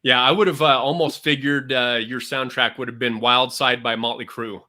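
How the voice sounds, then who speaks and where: A man hosting an interview, asking halting questions full of fillers. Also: medium pitch, steady tone, pushed and bright. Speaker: interview host.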